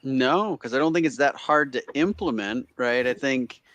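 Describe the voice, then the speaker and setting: A man speaks at an ordinary middle pitch on a casual live stream, his voice dry with no room around it. He talks in an encouraging, chatty way and often ends his points with "right?". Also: normal speed, fairly bright tone, no echo.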